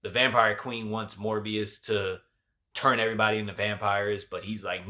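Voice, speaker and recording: A man's voice: fairly low pitch, steady tone, moderate pace, bright, forceful tone. A man giving a casual spoken review of a TV show, loose and chatty with lots of slang and fillers.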